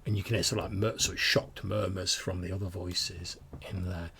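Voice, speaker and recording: A game master narrates a tabletop role-playing scene in a descriptive style, often restarting his phrases. His voice is low and gravelly, with a rough fry. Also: flat delivery, fairly quick, bright, forceful tone, a little hiss or hum.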